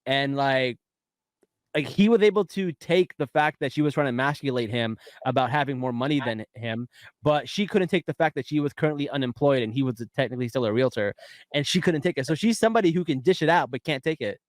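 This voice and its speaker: A man co-hosting a casual TV recap podcast, animated and often laughing through his sentences. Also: mid-range voice, brisk, no room sound. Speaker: podcast co-host. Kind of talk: casual pop-culture recap chat.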